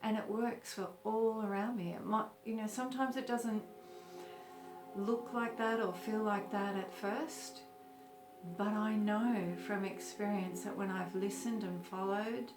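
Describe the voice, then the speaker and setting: A woman leading a guided meditation in a slow, gentle, soothing way. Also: medium pitch, fairly even intonation. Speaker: meditation teacher. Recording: roomy with music behind. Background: soft music.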